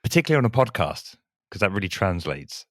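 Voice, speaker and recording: A man's voice: low-pitched, big pitch swings, quick pace, dry recording, studio quality. A man co-hosting a podcast with a slight lisp from braces, laid-back and teasing. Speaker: podcast co-host. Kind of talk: casual podcast banter.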